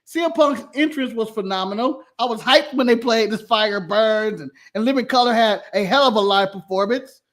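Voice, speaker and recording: A man hosting a livestream, chatting casually about wrestling with animated, sarcastic remarks and casual swearing. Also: high voice, moderate pace, few pauses. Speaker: podcast host.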